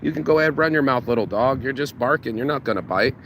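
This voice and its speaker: Motivational vlogger, male, mid-range voice, slangy and profane, with clear traffic noise outdoors. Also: medium pitch, fast talker. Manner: slangy, profane, repeats words when excited. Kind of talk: casual motivational monologue.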